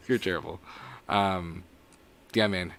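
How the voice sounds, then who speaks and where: A young man with a low, slow, slightly bright voice co-hosts a live movie podcast in a casual live-stream chat. He laughs often, reads the chat aloud, and grows sentimental.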